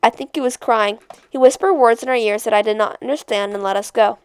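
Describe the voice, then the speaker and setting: A woman reading a novel aloud chapter by chapter, in a steady, measured storytelling voice. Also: a little high, clear, resonant tone, no room sound. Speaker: storybook reader.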